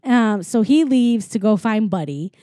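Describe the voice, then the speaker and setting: A woman's voice: medium pitch, animated, measured pace, dark tone, no echo, clean studio sound. A woman casually retelling a film's plot as a podcast co-host, chatty and full of fillers. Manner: chatty, lots of filler and quoted voices.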